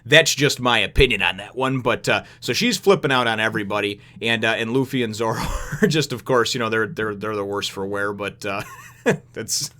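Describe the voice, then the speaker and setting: A man's voice: normal speed, bright, forceful tone. A man hosting a manga chapter review, rambling casually with lots of fillers. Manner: rambling, filler-heavy, acts out characters in high voices. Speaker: host of a manga review show.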